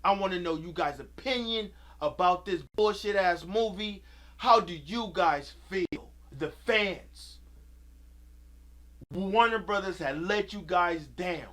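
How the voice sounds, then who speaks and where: Man ranting, high-pitched, slow and drawn-out, cursing and repeating himself. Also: pushed and bright. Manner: heated, profane, repetitive ranting. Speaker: video creator. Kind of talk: angry movie rant.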